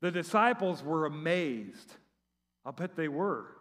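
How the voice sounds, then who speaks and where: Sarcastic asides and tripped-up restarts run through this middle-aged pastor's easygoing, chatty sermon, delivered at a moderate pace in a high, animated voice. The big church hall adds a long, ringing reverb.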